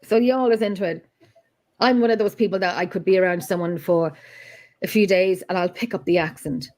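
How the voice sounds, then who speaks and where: A woman's voice: fairly low pitch, brisk, a little mellow. A woman, a guest paranormal investigator, chatting casually and rambling with frequent laughs. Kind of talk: casual chat.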